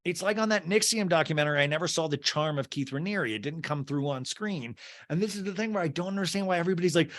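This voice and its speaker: A man's voice: a little high, expressive, fast, fairly bright tone. A man hosting a comedy podcast, recapping a reality show in a wry, gossipy and theatrical way. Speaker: podcast host. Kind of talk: comic TV recap.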